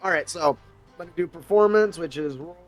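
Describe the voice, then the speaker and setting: A man playing a tabletop game, speaking in character and pausing with lots of "uh"s. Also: on the high side, soft background music. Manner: hesitant, many "uh"s. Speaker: player.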